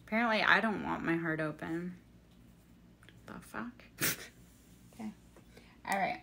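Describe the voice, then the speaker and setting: This woman's voice is on the low side, with vocal fry and a pushed, bright quality, plus a little hiss or hum. Leading a live-streamed energy healing session, she chats with viewers and guides breaths in a slow, soothing way while swearing bluntly.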